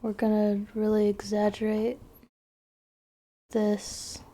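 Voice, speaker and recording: A woman's voice: medium pitch, slow pace. Distracted, chatty young woman streamer. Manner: chatty, distracted, trails off and mumbles while focused; excitable, swears and laughs at her own scares. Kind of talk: casual live-stream chat while drawing.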